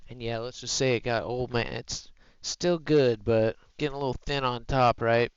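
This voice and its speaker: A man's voice: medium pitch, fairly even intonation, moderate pace, smooth, dry recording, muffled recording. A man streaming live from home, chatting in an easygoing, rambling way into a headset mic. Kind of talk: casual live-stream chat.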